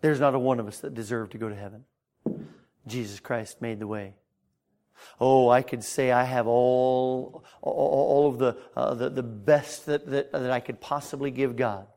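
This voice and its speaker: A man preaching a fervent evangelistic sermon to a congregation in a church, surging loud then dropping quiet, with many stammered restarts. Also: medium pitch, fairly even intonation, moderate pace. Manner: impassioned, swings between loud surges and quiet intensity, frequent stammered restarts.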